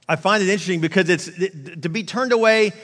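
A pastor with a high, quick, fairly bright voice preaches casually and conversationally, often starting sentences over and acting out quotes in asides. He's in a large church hall, and the recording carries a long hall reverb.

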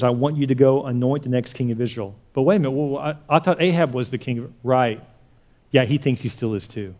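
A male pastor preaching a sermon in an animated way, swinging from loud punches to hushed near-whispers. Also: medium pitch.

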